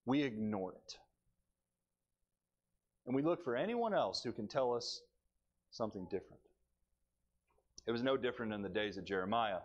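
A male preacher delivering a sermon in church, telling the story with animated, dry humor. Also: high-pitched.

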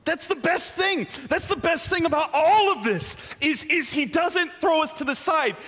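Male preacher, high lively voice, jokey and animated, long church reverb. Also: moderate pace. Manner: animated, joking, self-deprecating asides. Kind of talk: sermon. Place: church sanctuary.

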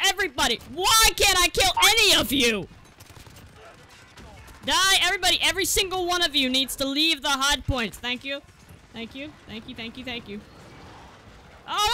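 A young woman doing gameplay commentary, excitable and joking, swinging from yelling to muttering, with faint game music behind. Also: high-pitched, a little hiss or hum. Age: young adult. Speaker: gaming streamer.

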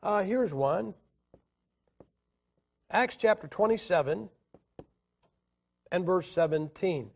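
In a lecture-style Bible class, a man asks his listeners questions and counts out syllables to stress his points. His voice is high, animated and gravelly, and he speaks slowly with long pauses. His delivery is emphatic throughout.

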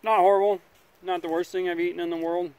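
A man hosting a casual outdoor survival vlog, talking in a relaxed, rambling way by a campfire, sometimes chewing as he speaks. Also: high-pitched, quick pace, clear, resonant tone, no echo. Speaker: outdoor survival channel host.

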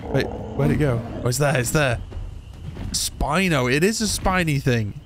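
A young man chatting excitedly as he commentates his own game playthrough. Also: medium pitch, unhurried, background noise. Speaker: gaming YouTuber. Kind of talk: let's play commentary. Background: game music.

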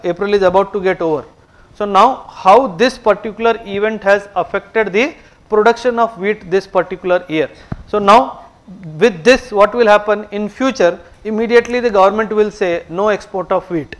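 A man with an Indian English accent teaching a current affairs lesson for civil services exam students. He explains step by step, repeats key terms and keeps checking in with the class. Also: sits high.

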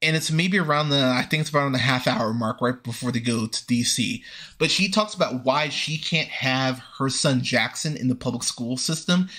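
A man's voice: medium pitch, normal speed, sharp tone. A young man hosting a movie review podcast, ranting with sarcasm and profanity about a film he disliked.

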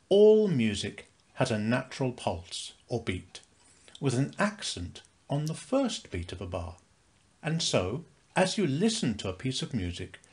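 Brief: British male tutor, unhurried scripted lesson read, animated pitch, counts beats with strong stress. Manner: slow, clear, counting beats aloud with stress. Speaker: music teacher. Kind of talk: scripted instructional narration.

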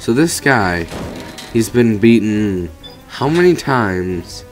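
Guy with a lowish voice rambling thru a let's play, cussing at the game, faint game music behind. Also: sing-song, slow. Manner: rambling, swears casually at the game. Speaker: gamer commentator. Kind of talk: let's play commentary over gameplay.

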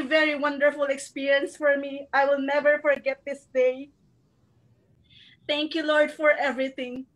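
A woman from the Philippines speaks in a high, bright register. She gives an earnest, heartfelt testimonial at a recognition event, working to keep her tears back as she speaks. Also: poor audio. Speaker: marketing director giving a recognition speech. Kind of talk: emotional testimonial speech.

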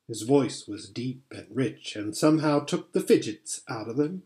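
Man reading a storybook aloud. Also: medium pitch. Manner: measured, steady reading with occasional slips. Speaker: audiobook reader. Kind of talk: storybook narration.

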